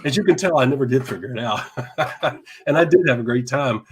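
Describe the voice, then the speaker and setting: A man with a mid-pitched everyday voice tells a rambling anecdote on a live talk show. He gets animated, laughs through his lines and trips over his words. His tone stays casual and chatty. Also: a little fast, breathy edge. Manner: animated, laughing, repeats words, mild cursing. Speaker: podcast co-host. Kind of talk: casual storytelling chat.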